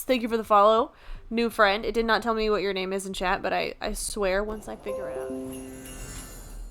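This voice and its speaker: A woman's voice: mid-range voice, steady tone, normal speed, a bit bright, clean tone. A woman streamer chatting casually and joking at her own expense while she draws. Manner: joking, self-deprecating. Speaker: livestreamer.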